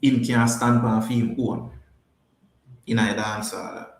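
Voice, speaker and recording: A man's voice: medium pitch, flat delivery, takes it slowly, roomy sound. Jamaican man riffing on a podcast. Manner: emphatic, repeats phrases. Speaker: podcast host. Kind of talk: casual livestream chat, answering viewers.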